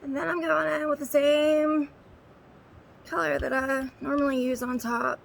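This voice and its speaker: A woman chatting casually through a makeup routine at home, murmuring soft comfort to her dog between steps. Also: high voice, level tone, measured pace, vocal fry, a little hiss or hum, low-quality recording. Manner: chatty, with quiet soothing asides to a dog. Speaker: makeup vlogger. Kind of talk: casual makeup tutorial chat. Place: indoors at home, sitting on a bed. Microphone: phone.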